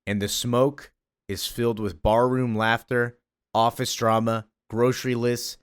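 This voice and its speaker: An excited man recapping a comic in a loose, gushing way, full of fillers. His voice sits at an ordinary middle pitch. It is recorded dry and close to the mic. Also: unhurried, clean tone, no room sound. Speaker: comic book reviewer. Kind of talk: casual enthusiastic comic recap.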